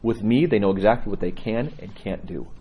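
Speaking briskly in a fairly low voice, a priest teaches his congregation in a conversational way, livening it up with stories and laughter. The recording is muffled, with a little hiss or hum.

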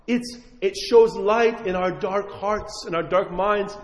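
A man's voice: sits high, slow. A man preaching a sermon as a priest, earnest and pleading, with a chuckle now and then. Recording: muffled echoey hall recording.

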